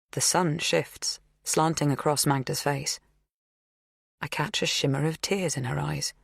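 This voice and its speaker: A woman narrating an audiobook in a measured, even reading. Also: deep voice, creaky, no room sound, clean studio sound. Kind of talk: scripted first-person narration.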